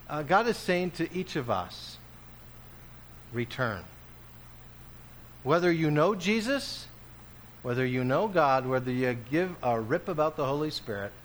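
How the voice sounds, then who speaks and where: A male pastor preaching a sermon, dropping to hushed, slow lines and then rising to loud, emphatic declarations. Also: on the high side. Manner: swings between hushed, slow passages and loud, emphatic bursts.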